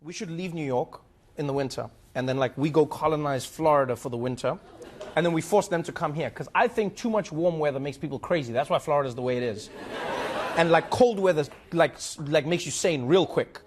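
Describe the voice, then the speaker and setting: A man's voice: fairly high pitch, fairly quick, slight background noise. A man performing a stand-up comedy routine, joking and laughing through his punchlines.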